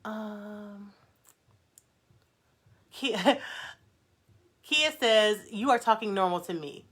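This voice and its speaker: A young woman hosting a casual livestream, reading viewer comments aloud and answering them in a fast, animated way with frequent laughter. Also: medium pitch, husky. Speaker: brand founder hosting a live Q&A.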